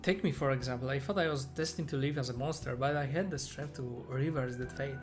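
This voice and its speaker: A man's voice: mid-range voice, brisk, lightly acted. A man reading a remorseful young fortune teller. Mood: earnest. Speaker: gamer reading game dialogue aloud. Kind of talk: reading game dialogue aloud. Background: game music.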